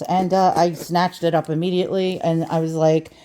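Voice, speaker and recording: A woman's voice: fairly low pitch, normal speed, few pauses, dark tone. A woman vlogger chatting casually through an antique unboxing, rambling and self-deprecating with lots of restarts.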